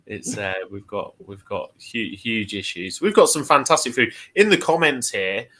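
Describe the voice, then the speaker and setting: A man hosting a casual live stream, chatty and relaxed with many fillers and restarts. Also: medium pitch, normal speed. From United Kingdom. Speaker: host.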